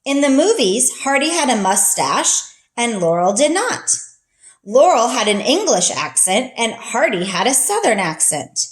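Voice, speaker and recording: A woman's voice: fairly high pitch, sing-song, a little slow. A woman teacher giving a patient, encouraging reading lesson for young children, explaining each step as she goes.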